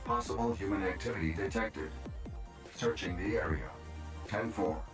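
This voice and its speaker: A cold, procedural robot cop from a video game, played by a man, rattling off patrol reports in flat, clipped announcements. The voice sits low and rings with heavy echo, with music running underneath. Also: moderate pace, lightly acted. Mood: commanding. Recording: echoey reverberant sound with music under it.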